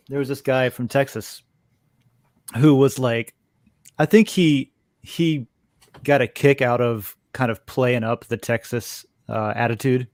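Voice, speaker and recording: Co-host, man from Florida, mid pitch, hesitant storyteller, dry close sound. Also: animated, takes it slowly, no echo. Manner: rambling storyteller, hesitant with many uhs and restarts. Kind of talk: casual chat.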